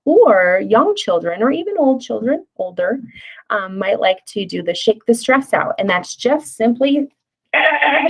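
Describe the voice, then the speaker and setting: A middle-aged woman gives a casual spoken parenting workshop lesson in a friendly, conversational manner, with fillers and playful acted-out asides. Her voice is fairly high and animated at normal speed, and the recording is rough.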